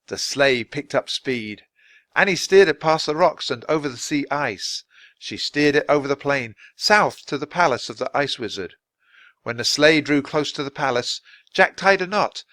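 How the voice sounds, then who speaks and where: A man reading a children's book aloud for language learners, clearly and expressively. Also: mid-range voice, a bit bright, no room sound. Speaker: storyteller.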